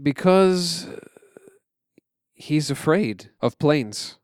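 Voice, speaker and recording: Man voicing a tender elderly uncle; lively, higher-pitched, dry close sound. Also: very slow, clear, resonant tone, no room sound. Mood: fond. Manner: laughing, emotional reminiscing. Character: elderly uncle, warm old male storyteller.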